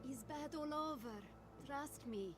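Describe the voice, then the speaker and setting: A woman's voice: sits high, measured pace. An actress playing a weary woman official in a video game, patiently and firmly turning away hungry villagers. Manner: patient, firm, tired refusals. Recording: game audio under loud music.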